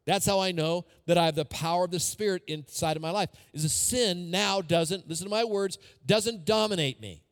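A man preaches to his congregation, his voice sitting high for a man. He talks in a relaxed, conversational way, weaving in personal stories and repeating key phrases. The sound carries a long reverb, as if filling a large sanctuary. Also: normal speed, hardly any pauses. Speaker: pastor. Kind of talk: sermon.

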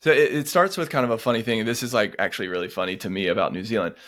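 A man, co-hosting a podcast and telling stories in animated casual chat, acting out the lines of the people in them. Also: lowish voice, very fast. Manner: animated storyteller who acts out quotes. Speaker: podcast co-host.

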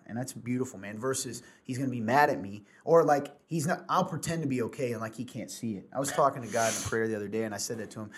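A man's voice: medium pitch, quick pace, few pauses, slightly rough. A man, a pastor, talking in a casual church podcast in an earnest, rambling way and laughing often.

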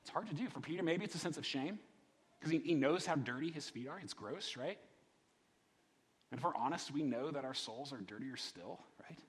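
A man preaching a sermon in a conversational, animated way, often repeating words and asking the congregation questions. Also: on the high side, fairly quick, husky. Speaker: pastor. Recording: long hall reverb.

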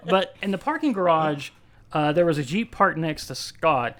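A man's voice: a little high, sing-song, moderate pace, a bit bright. Joking man hosting a podcast. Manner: joking, laughs often. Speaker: podcast host. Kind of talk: casual chat.

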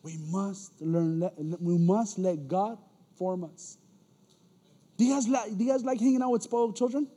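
A man preaching a casual, animated sermon in a church as an elder, using slang and acting out quoted voices. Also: high voice, normal speed, in a large hall.

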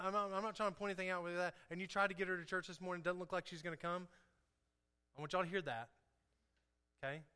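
A man preaching a sermon to his congregation, animated and asking the room questions. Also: sits high. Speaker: pastor. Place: church sanctuary. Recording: long hall reverb.

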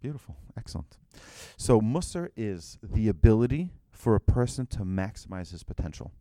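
A lower-voiced man teaching a religious class to a room of listeners. He talks in an animated way, tossing out rhetorical questions and telling stories. The sound is dry and close. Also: moderate pace, no echo. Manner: animated, asks rhetorical questions, tells anecdotes.

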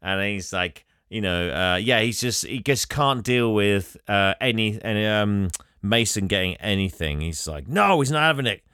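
A man's voice: on the low side, unhurried, few pauses, smooth, no room sound, studio quality. A man co-hosting a podcast, chatting casually about a movie with frequent laughs. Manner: animated, laughs often, playful. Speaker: podcast co-host.

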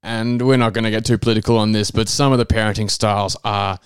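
This young man chats in loose, jokey banter as a podcast co-host, breaking into laughter easily. His voice comes through smooth and resonant. The sound is close and dry, with no room around it. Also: fairly low pitch, flat delivery, fast, no echo. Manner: jokey, laughs often, drifts into silly accents. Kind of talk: casual banter.

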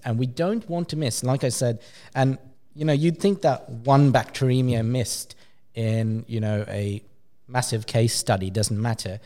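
A man, a pediatric clinician, explaining a research paper in a journal club discussion with lively emphasis and frequent fillers. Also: medium pitch.

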